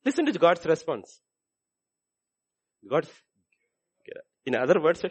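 Emphatic preacher with a lively voice. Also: male voice, moderate pace, long pauses, breathy edge. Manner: emphatic and repetitive, swinging from loud exhortation to low intensity. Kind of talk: sermon.

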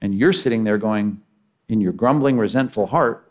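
A man preaching a sermon, animated and acting out the voices he quotes. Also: fairly low pitch, moderate pace. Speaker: pastor.

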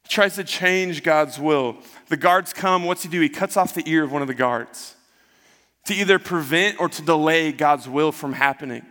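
A man's voice: on the high side, moderate pace, a bit bright. A man preaching a sermon, retelling the story in a conversational way and acting out the quotes. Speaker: pastor. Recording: long hall reverb.

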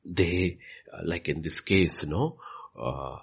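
A man speaks slowly as a pastor fielding questions, his low voice slightly rough with vocal fry. His Q&A teaching is emphatic and repetitive, hammering points home and performing the quoted questions aloud.

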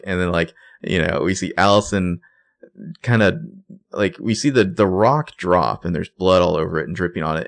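Casual male podcast co-host, very deep and gravelly, rambling and enthusiastic. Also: no echo. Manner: rambling, filler-heavy, enthusiastic. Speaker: podcast co-host recapping a TV episode. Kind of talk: casual chat.

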